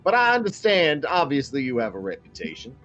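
Polite, halting man at a tabletop game. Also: medium pitch, huge pitch swings, fairly bright tone, dull audio, faint music behind. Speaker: player. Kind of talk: tabletop role-play in character.

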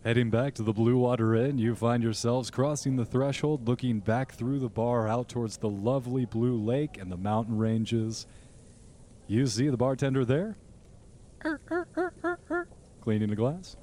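A man's voice: medium pitch, measured pace, mellow, slight background noise. A man narrating scenes as game master of a tabletop role-playing game.

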